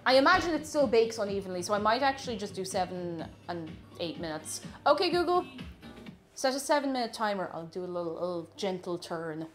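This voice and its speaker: A woman's voice: medium pitch, expressive, brisk, soft background music. A woman chatting casually while she bakes in her home kitchen during a livestream, gushing about food and reading viewer comments aloud. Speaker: streamer.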